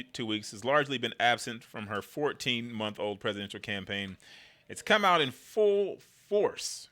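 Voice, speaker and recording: A man talks politics in a loose, slangy vlog, riffing off the cuff like he's chatting with friends. His voice is bright and forward, with an everyday middle pitch. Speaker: political commentator. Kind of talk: casual political commentary vlog.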